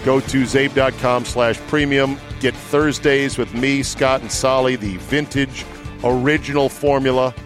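A man's voice: medium pitch, steady tone, unhurried, over music. A man hosting a casual sports podcast, joking and swearing freely, recording from inside a van. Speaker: podcast host. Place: in a van at night.

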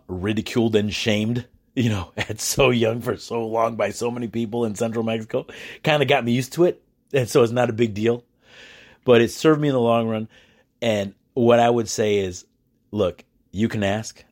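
Late at night in his quiet house, a man hosts a casual solo podcast, chatting animatedly with frequent restarts and quick laughs. His pitch is fairly low.

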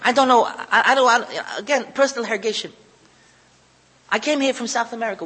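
A man delivers an emotional Torah talk, circling back over his phrases and sounding close to tears. His voice is high and husky. A long reverb trails behind him, as in a hall. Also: fairly quick, sharp tone. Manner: heartfelt, repetitive, moved close to tears. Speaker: lecturer running a kollel.

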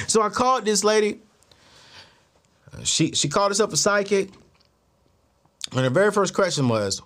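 A male host tells personal stories in a casual, animated way. His voice sits high and swings widely, jumping up into incredulous exclamations. He acts out the other people's lines and slides into preaching about faith. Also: normal speed, long pauses. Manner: preachy, faith-driven talk. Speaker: show host. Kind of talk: casual storytelling to the camera.

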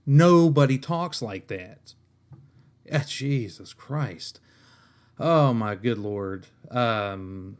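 Male podcast host, mid-pitched, in an exasperated comic rant that is profane and full of restarts. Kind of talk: comedic rant.

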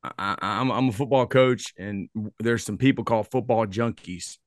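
A man's voice: fairly low pitch, moderate pace, dry recording. A man, a football coach, chatting as a podcast guest in an easygoing, self-deprecating way. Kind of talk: casual chat.

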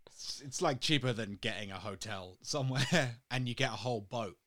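A man's voice: mid-range voice, moderate pace, noisy background. A man co-hosting a casual chat, teasing and mock-outraged, laughing often as he banters.

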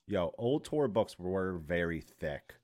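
A man's voice: sits low, sing-song, slow, a little mellow. A man hosting a casual stream chat, laughing often and swearing freely. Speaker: stream host.

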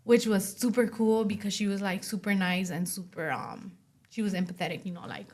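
A young woman talking as an interview guest, telling a personal story in a casual way. She speaks in quick runs full of "like" and acts out what others said. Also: medium pitch, a little mellow.

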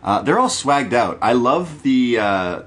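A man co-hosting a casual wrestling podcast, talking in an animated, profane way and acting out quotes in silly voices. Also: mid-range voice, unhurried. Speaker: podcast co-host.

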